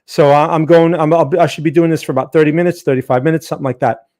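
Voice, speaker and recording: A man talks casually into a desk mic while hosting a live trading stream. His voice sits a little higher than most men's. He greets viewers by name and restarts his sentences often. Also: steady tone, racing, a little mellow.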